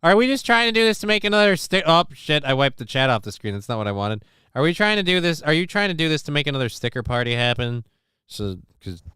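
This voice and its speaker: Smooth-voiced joking man hosting a livestream. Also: mid-range voice, a bit bright, no room sound, clean studio sound. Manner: loose, profane and joking. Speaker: livestream show host. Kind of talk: casual livestream chat, reading viewer comments.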